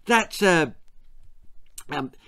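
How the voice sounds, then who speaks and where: A man's voice: fairly high pitch, expressive, pushed and bright, no room sound, studio quality, pitched above the performer's own voice, exaggerated voice. A man voicing a sly, flustered young boy who stammers through his lies. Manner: stammering, hurried.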